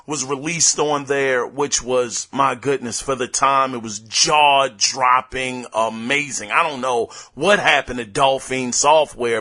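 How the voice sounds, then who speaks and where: A young adult man hosting a casual gaming news podcast, rambling and excitable as he talks off the cuff. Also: mid-range voice. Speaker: podcast host.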